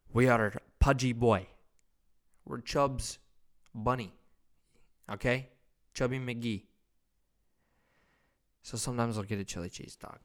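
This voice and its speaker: A man's voice: fairly low pitch, creaky. A young man hosting a solo comedy podcast, rambling and self-mocking, swearing constantly. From Wisconsin. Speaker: podcast host.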